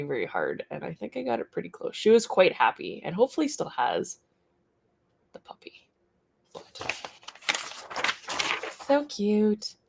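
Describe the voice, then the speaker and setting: A middle-aged woman with a slightly low voice rambles in relaxed, chatty livestream talk. She hosts her studio stream, greeting viewers and wandering from thought to thought. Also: creaky, slight background noise. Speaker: artist hosting a studio livestream. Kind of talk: casual livestream chat.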